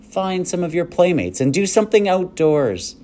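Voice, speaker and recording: Man playing a stern, loving storybook mother, voice pitched up, firm. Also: sing-song, normal speed, mellow. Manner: firm, scolding.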